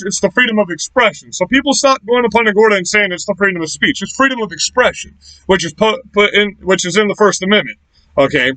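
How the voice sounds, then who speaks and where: A Floridian political vlogger rants angrily from a small shack, swearing heavily and speaking in a loud, aggressive, confrontational way. His voice is high, with no echo, and the audio is poor.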